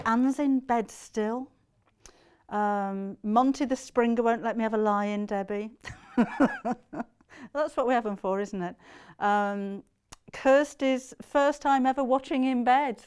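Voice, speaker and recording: A woman's voice: a little high, a little mellow, clean tone. A middle-aged British woman presenting a live shopping show, chatting to viewers with plenty of ums and laughs. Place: TV studio.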